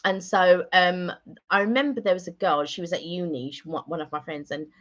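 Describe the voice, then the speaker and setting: A woman's voice: on the low side, fairly even intonation, fairly quick, a bit bright. A woman hosting a casual live stream chat, rambling and chatty with many fillers. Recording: dull lo-fi sound.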